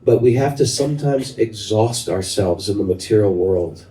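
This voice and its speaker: A man's voice: fairly low pitch, normal speed. A middle-aged man giving a devotional talk to a gathered group as its spiritual teacher. He tells stories with animation and keeps turning questions to his listeners. His voice echoes around the room and comes from a mic set at a distance. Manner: animated storyteller who asks the audience questions. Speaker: spiritual teacher leading kirtan.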